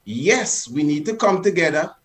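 A man's voice: fairly high pitch, big pitch swings, moderate pace. A man leading an exercise over a video call, earnest and coaxing, repeating commands with rising force. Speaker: presenter leading an online session.

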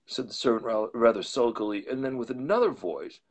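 Husky, expressive male storyteller. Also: fairly low pitch, brisk, few pauses, low-quality recording. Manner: expressive narration. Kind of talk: live storytelling reading.

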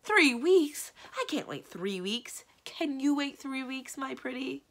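A woman reading aloud and voicing a lovestruck, excitable male magician who speaks in doting exclamations. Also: high-pitched, slow pace, pitched above the performer's own voice, full character voice.

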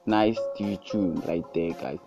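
A man narrating a casual music production tutorial, relaxed and easygoing, often calling out to his viewers and praising each sound. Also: deep voice, unhurried, creaky, muffled recording. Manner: relaxed, repeats "guys" and "super cool".

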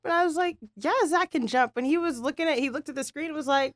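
A woman telling funny stories on a casual podcast, with a slightly high voice that leaps up as she acts out what others said. Her speech sounds dry and close to the mic. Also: fast talker, few pauses, dry recording. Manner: animated storyteller who acts out quoted dialogue with laughter. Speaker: podcast co-host. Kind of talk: casual chat, storytelling.

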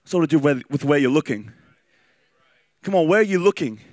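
A man with an Australian accent preaching a sermon in a lively, conversational way, with fillers and repeated phrases. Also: a little high, fairly quick, dry recording.

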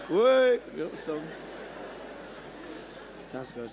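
High-voiced Irish comic, swearing freely. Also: male voice, lively intonation. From Ireland. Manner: profane, rambling, halting. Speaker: stand-up comedian. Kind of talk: stand-up routine. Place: theatre stage. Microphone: stage microphone. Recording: live show, noisy crowd.

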